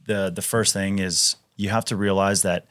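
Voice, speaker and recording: A man in his thirties talks in a low register, casual and emphatic, leaning on "dude" and restarting his sentences. The sound is dry and close to the mic, with no room behind him. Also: fairly even intonation, moderate pace, a bit bright, no echo. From Wisconsin, US. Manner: emphatic, frequent fillers and restarts, says "dude" often. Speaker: podcast guest, retired Navy SEAL. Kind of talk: casual conversational storytelling.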